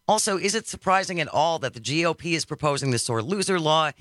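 A man hosting talk radio, his fairly high voice bright and forceful. He reads out listener texts and jokes with dry sarcasm. The studio sound is close and dead dry. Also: lively intonation, quick pace, no echo. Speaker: radio show host. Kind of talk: talk radio political chat. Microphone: studio microphone.

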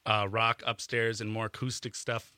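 A man's voice: lowish voice, flat delivery, moderate pace, sharp tone, clear, resonant tone, dry recording, clean studio sound. A man, a radio guest explaining a venue and directions in a plain, hesitant way with many ums. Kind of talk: casual radio interview. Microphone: studio mic, dry.

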